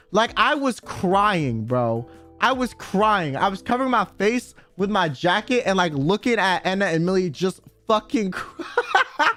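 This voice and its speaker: A man's voice: high voice, a bit bright. A young man streaming, telling a story in casual chat, swearing, laughing and saying bro a lot. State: sore throat.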